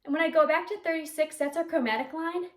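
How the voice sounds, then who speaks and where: Female flute teacher, high voice, clear step-by-step explaining, roomy echo. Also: fast talker. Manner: clear step-by-step explaining, sings articulation syllables. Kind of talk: instrumental music lesson. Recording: echoey room.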